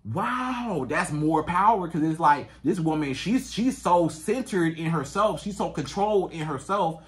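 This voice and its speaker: A man's voice: on the high side, normal speed. A man, a dating coach giving blunt, emphatic advice straight to camera and repeating catchphrases. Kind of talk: direct-to-camera advice monologue.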